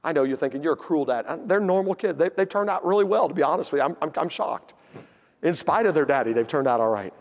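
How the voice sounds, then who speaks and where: High-voiced folksy preacher. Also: male voice, quick pace, in a large hall. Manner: folksy, humorous, animated. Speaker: pastor. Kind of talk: sermon storytelling.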